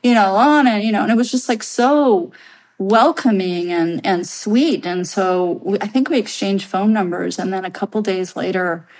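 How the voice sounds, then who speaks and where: A woman's voice: mid-range voice, normal speed, a little mellow, poor audio. A woman in her late thirties telling a personal story as a podcast guest, earnest and rambling, with many fillers and restarts.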